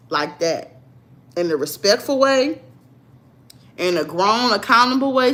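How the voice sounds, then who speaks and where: A woman's voice: medium pitch, fairly bright tone. A young woman, talking bluntly and sassily to her livestream viewers in a casual chat. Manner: blunt, sassy, talks straight to viewers. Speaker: livestream vlogger.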